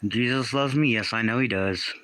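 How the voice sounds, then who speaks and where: A man's voice: mid-range voice, moderate pace, fairly bright tone, no echo, rough recording. A man hosting a casual livestream from home, greeting viewers by name and puzzling over their comments. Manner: reads out and answers viewer comments, often confused. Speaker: livestream host.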